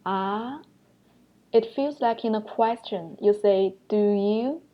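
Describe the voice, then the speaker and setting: A woman's voice: mid-range voice, dull audio. A young woman teaching an online language lesson, patiently explaining points step by step and sounding out examples aloud.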